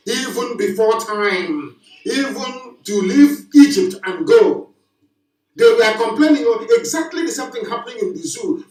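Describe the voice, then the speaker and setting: A man's voice: high-pitched, darkish tone. Impassioned man preaching in an echoey room. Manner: preaching, emphatic and repetitive, with rhetorical questions. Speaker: broadcaster. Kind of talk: impassioned live broadcast address. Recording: echoey, distant from the mic.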